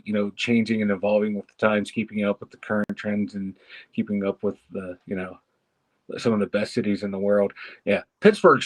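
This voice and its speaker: A man's voice: on the low side, poor audio. A man co-hosting a casual live stream, rambling with fillers and sometimes sarcastic. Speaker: co-host.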